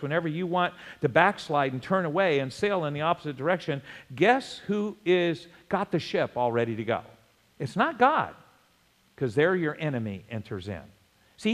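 Animated preacher man, reverberant hall. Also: fairly high pitch. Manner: animated preaching with sudden loud bursts and chuckles. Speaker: pastor. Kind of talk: sermon.

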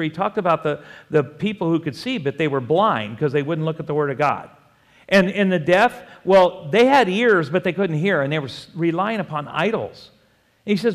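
Animated male preacher in a reverberant hall. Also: a little high. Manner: animated preaching, swings between quiet and loud, prompts the congregation. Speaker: pastor. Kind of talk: sermon. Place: church sanctuary.

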